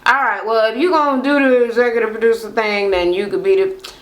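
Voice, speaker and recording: A woman's voice: fairly high pitch, steady tone, a little fast. A woman in casual chat recapping a reality show, blunt and profane, gossiping and acting out what people said.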